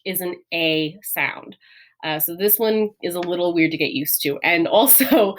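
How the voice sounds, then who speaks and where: A woman's voice: medium pitch, a bit bright. A woman teacher giving a classroom lesson, explaining patiently step by step with many fillers and light laughs. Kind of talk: classroom lesson on writing letters.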